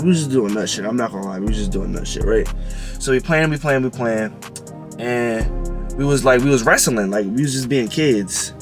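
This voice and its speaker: A young man tells a storytime in a loose, slangy ramble, packing in filler words at a mid pitch. Faint music sits under his voice. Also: a bit bright. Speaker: vlogger. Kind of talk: casual storytime vlog.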